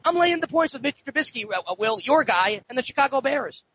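A man's voice: very high voice, expressive, a little fast, fairly bright tone, husky, dry recording. A man co-hosting a sports podcast, talking in a heated, argumentative way. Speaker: podcast co-host. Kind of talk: casual sports betting talk. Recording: dull lo-fi audio.

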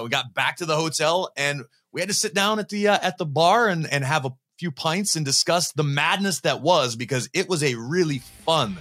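Bright-voiced teasing male podcast host. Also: on the high side. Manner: teasing, quick banter. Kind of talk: casual podcast chat.

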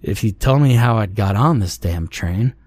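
Scared young guy on a haunted train, urgent and edgy, husky, as a man reads him. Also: on the low side, animated, normal speed, darkish tone. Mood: tense. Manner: urgent, tense.

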